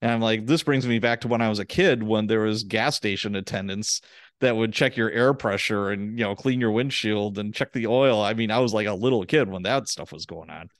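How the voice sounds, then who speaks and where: A man's voice: fairly low pitch, fairly quick, no echo, clean studio sound. A man hosting a podcast, telling rambling anecdotes in a casual way before asking his guest questions. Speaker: podcast host.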